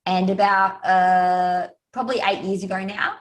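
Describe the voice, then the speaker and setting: A woman's voice: mid-range voice, fairly even intonation, unhurried, low-quality recording. An Australian woman, a guest speaker and author, talking in a chatty, storytelling way on a podcast. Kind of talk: casual podcast interview.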